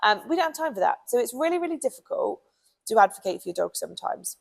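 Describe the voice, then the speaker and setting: A woman's voice: fairly high pitch, big pitch swings, quick pace, vocal fry, low-quality recording. A British woman who trains dogs, giving chatty, casual advice with plenty of ums and you knows. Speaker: dog trainer.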